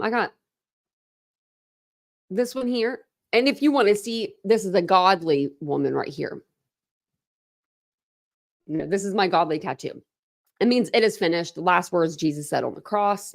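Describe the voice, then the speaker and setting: A woman hosting a true crime channel rants through heated commentary on online drama. She swears freely and keeps repeating herself as she works herself up. When she reads documents aloud, her tone slows and turns mocking. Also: mid-range voice, vocal fry.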